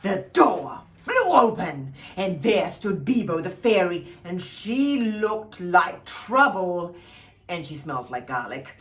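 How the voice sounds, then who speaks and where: A woman at a childcare centre reading a funny picture book aloud to children, expressive and playful. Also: lowish voice, slow pace. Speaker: childcare storyteller.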